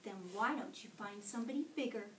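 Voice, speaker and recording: A woman's voice: medium pitch, fairly quick, fairly bright tone, a little hiss or hum, close to an everyday voice. A woman voicing a sweet, polite friendly ladybug from a storybook read to a class. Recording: echoey classroom from far off.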